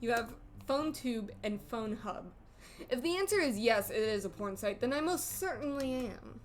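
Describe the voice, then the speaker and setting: A woman's voice: on the high side, expressive, moderate pace. A woman streamer giving casual, joking commentary while playing a game, crude and often cutting herself off. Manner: joking, crude, self-interrupting.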